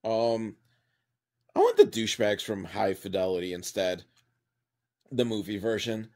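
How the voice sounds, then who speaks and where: A man's voice: fairly low pitch, big pitch swings, a little slow, a little mellow. A man giving a rambling, profane and mocking recap of a movie as a comedic reviewer. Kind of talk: sarcastic movie recap monologue.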